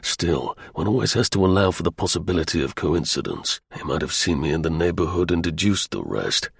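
A man voicing a grim secret agent who speaks low, curt and steady, with a husky voice. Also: a little fast, no room sound, clean studio sound, heavily acted. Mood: thoughtful.

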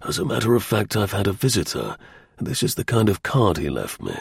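A man voicing a grim secret agent who speaks low, curt and steady, with a husky voice. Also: brisk, no room sound, clean studio sound, heavily acted.

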